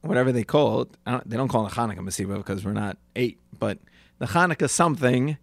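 A man's voice: mid-range voice, fast, creaky, no echo. A man co-hosting a casual chat, telling a story about himself in an earnest, self-deprecating way and laughing between lines. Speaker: podcast co-host.

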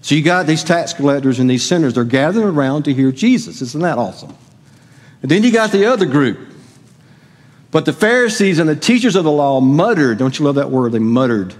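A man's voice: on the high side, animated, fairly quick. A middle-aged man preaching a sermon as pastor, conversational and asking the congregation questions. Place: church sanctuary. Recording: long hall reverb.

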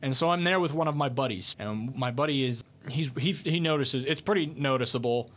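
A young man co-hosting a casual podcast, telling a funny story with a joking, animated manner. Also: mid-range voice, brisk. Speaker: podcast co-host.

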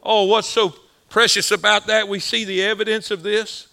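A man's voice: high-pitched, level tone, normal speed, gravelly, sharp tone. A male preacher delivering a sermon in a folksy, rhythmic style, repeating lines for emphasis. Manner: folksy, rhythmic repetition, rising and falling emphasis.

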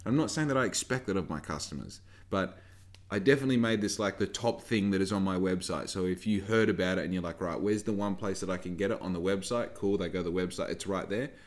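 A young man with a deep, low-pitched voice talks frankly on his podcast. His delivery is casual and meandering, sprinkled with swearing and asides as he circles back to his point. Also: fast talker. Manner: swears freely, rambling and frank. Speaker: podcast host and small business owner. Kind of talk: casual rambling monologue.

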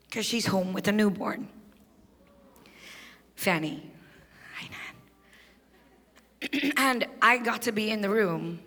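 A Trinidadian woman preaching a sermon on stage, moving between quiet confiding asides and shouted, rising testimony. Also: mid-range voice, big-room sound. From Trinidad and Tobago. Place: large church hall on stage.

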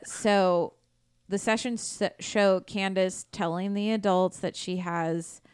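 A woman's voice: lowish voice, clear, resonant tone, no echo, clean studio sound. A woman podcast host casually retelling a true crime case in a blunt, profane, conversational way.

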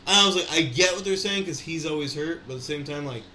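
Casual male co-host, bright tone, rambling sports and dog talk energy, echoey room recording. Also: a little high, fast. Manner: rambling, profane, animated. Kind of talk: casual chat. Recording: echoey room, faint background noise.

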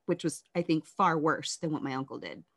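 A woman telling her life story in an interview, candid and reflective, often halting and restarting. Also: sits low, husky.

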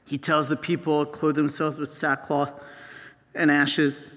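Slow-spoken priest in a reverberant hall. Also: male voice, a little high, flat delivery, a bit bright. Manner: slow, storytelling preacher acting out scenes. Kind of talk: homily.

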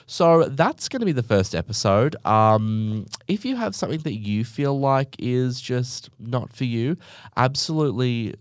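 A young male podcast host tells a rambling, sarcastic story packed with "like" and side comments, as a casual monologue. His voice is medium-pitched with lively intonation and an unhurried pace, recorded in clean studio quality with no room sound.

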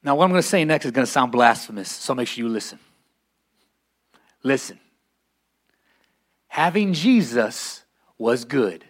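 A man preaching a sermon as pastor, building to shouted lines and calling on the congregation to repeat after him. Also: mid-range voice, expressive, unhurried, long pauses. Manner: preaching, often rising to shouts, calls for congregation responses.

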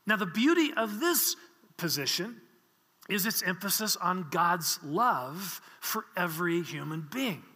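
A man's voice: high voice, lively intonation, a little slow, bright, forceful tone, big-room sound. A man preaching a sermon, explaining with earnest teaching and frequent restarts. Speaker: pastor.

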